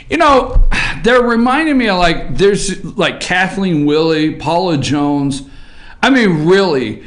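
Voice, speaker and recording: A man hosting a political opinion talk show, loud and jokey, now and then breaking into song. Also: a little high.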